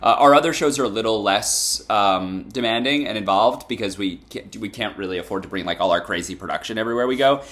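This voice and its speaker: A man's voice: on the low side, quick pace, few pauses, fairly bright tone. Playful young man reading fan questions. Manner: playful, reads fan names and questions aloud. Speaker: band member answering fan questions. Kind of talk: casual interview chat.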